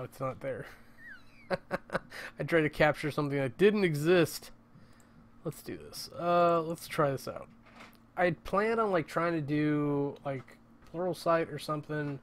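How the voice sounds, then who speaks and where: A man's voice: a little high, takes it slowly, long pauses, a little hiss or hum. Rambling, swearing man vlogging from home. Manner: rambling, swears casually, self-interrupting. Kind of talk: casual rambling vlog.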